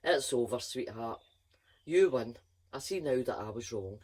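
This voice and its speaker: A woman voicing a mother who pleads with her stubborn son, begging and gentle. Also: very deep voice, lively intonation, measured pace, pitched below the performer's own voice, exaggerated voice. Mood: tender. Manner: begging, then sweet and gentle.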